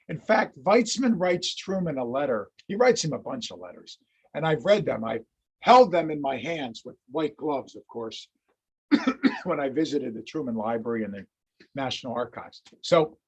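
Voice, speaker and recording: A male lecturer tells history as a lively, chatty story, with a slightly husky voice. His pitch sits a touch above the usual for a man. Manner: animated, chatty storyteller who laughs at his anecdotes.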